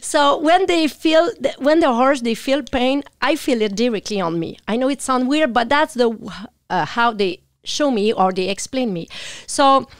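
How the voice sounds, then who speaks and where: A woman's voice: sits high, animated, normal speed, clear, resonant tone, no room sound, studio quality. A woman from Quebec whose first language is French, speaking English with a thick Quebec French accent as a podcast guest, earnestly explaining at length. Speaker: podcast guest, animal communicator. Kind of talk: casual interview conversation.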